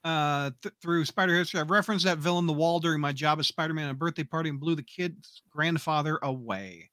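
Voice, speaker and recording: Podcast host guy reading out comments, bright voice, laughs a lot, dry mic. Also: on the high side, fast, no echo. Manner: laughs often, reads comments aloud. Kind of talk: casual fan podcast chat.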